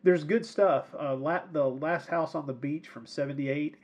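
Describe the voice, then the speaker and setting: A man with a husky, slightly raised voice talks through a film in casual podcast chat. His tone is mellow and dark, and he circles back on himself, stumbles over repeated words and laughs now and then. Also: on the high side, unhurried. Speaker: podcast co-host.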